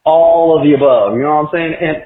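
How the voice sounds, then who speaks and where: A man's voice: a little high, quick pace, a little hiss or hum. A man in his twenties calling in with a boastful rant, asking again and again if you know what he means. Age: 20s. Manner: boastful, ranting, keeps saying "you know what I'm saying". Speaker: caller. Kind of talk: casual rant. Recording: tinny phone line, echoey room.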